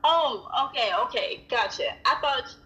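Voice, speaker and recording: A higher-voiced woman with a bright, sharp tone talks in an animated, expressive way, laughing along with her co-host. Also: unhurried, dull audio. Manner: animated, laughing, says "girl" and "baby". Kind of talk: casual chat.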